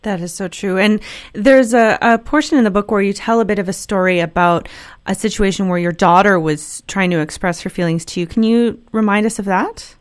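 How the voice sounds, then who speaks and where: A woman interview host asks her questions in a relaxed, conversational way. She thinks aloud and builds up her point before she gets to the question, at an even middle pitch. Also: a little fast. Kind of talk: casual interview.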